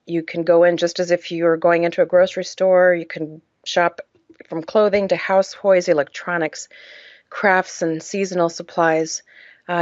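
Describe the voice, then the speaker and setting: Woman guest, low voice, emotional and earnest, lots of uh fillers, dull dry lo-fi sound. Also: darkish tone, no room sound. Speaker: podcast guest, charity founder. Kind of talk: personal storytelling.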